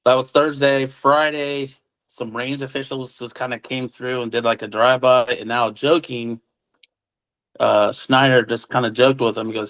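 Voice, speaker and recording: A man, a witness, telling his story in a relaxed conversational way, acting out what others said and using casual military slang. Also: mid-range voice, normal speed, rough recording. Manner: acts out quoted dialogue, relaxed military slang. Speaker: witness recounting an encounter.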